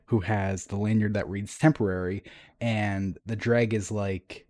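A man co-hosting a podcast, casually retelling a story with animated restarts and frequent laughter. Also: on the low side, dry recording. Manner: animated, laughs often, quick restarts, quotes characters in an everyday voice.

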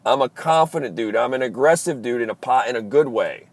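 A man's voice: medium pitch, expressive, fairly quick, no room sound. A man from Maryland with an East Coast American accent, hosting a motivational podcast with intense, driven delivery and emphatic repetition, recording from a car in traffic. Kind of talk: motivational monologue.

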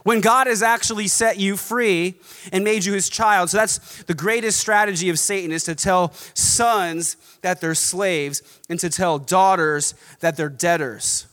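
A man's voice: high voice, fairly even intonation, unhurried, fairly bright tone. A man preaching a sermon as pastor, emphatic and rhythmic, stacking repeated contrasts. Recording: long hall reverb.

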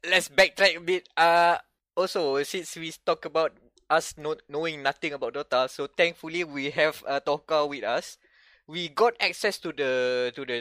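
A man co-hosting a casual gaming podcast, telling stories in an animated way with many restarts. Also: on the high side, smooth, no room sound, studio quality. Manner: animated storytelling with frequent restarts. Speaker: podcast co-host. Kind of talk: casual chat.

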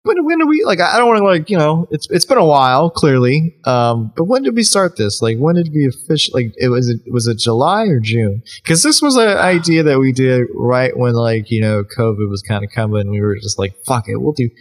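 A man's voice: mid-range voice, sing-song, brisk, few pauses. Rambling, swearing podcast co-host, man. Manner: swearing, rambling with many restarts and laughs. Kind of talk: casual chat.

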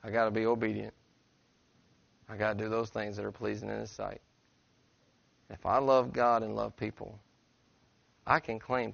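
A middle-aged male pastor preaches in a church, telling a personal story in a relaxed, folksy way with small restarts. His voice is deeply gravelly with heavy fry. The sound is close and dry but a bit dull and lo-fi. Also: normal speed, long pauses, dry recording. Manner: folksy, conversational storytelling with self-corrections. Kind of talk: sermon. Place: church sanctuary.

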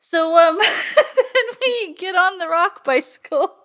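A woman's voice: very high voice, animated, slow pace, fairly bright tone. A woman co-hosting a podcast in casual chat, laughing often, swearing and saying "like" a lot. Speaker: podcast co-host.

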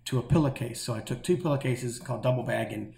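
A middle-aged man telling a long story in a casual, animated way and acting out the voices of the people in it. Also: mid-range voice, fast, vocal fry, reverberant. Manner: animated, acts out quoted voices. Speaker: guest telling stories.

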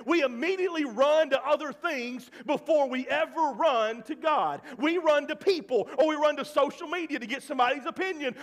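A pastor in his forties from Mississippi preaching a sermon, dropping to a hush and then shouting at the peaks. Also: extremely high pitch. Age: 40s. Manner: swings between hushed and loud, shouting at peaks. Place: church sanctuary. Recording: long church reverb.

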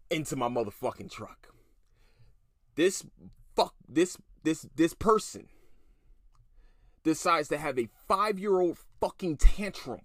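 A man's voice: a little high, fairly bright tone, no echo. Podcast host, 30s man, heated and sarcastic, dry close sound. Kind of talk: ranting story told to listeners.

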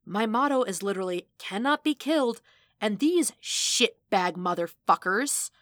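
A woman voicing a brash, joking male mercenary on the phone, loud and theatrical. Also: mid-range voice, expressive, measured pace, dry recording, pitched above the performer's own voice. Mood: brash teasing.

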